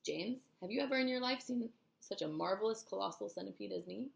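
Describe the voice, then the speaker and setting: A woman's voice: mid-range voice, lively intonation, a little fast, creaky, pitched above the performer's own voice. A woman voicing a boastful, rascally male centipede in a storybook reading, bragging and gleeful.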